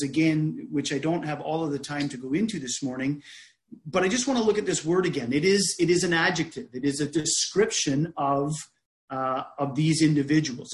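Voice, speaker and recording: A man preaching a sermon in a measured, deliberate way, often restarting his phrases. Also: fairly high pitch, roomy sound.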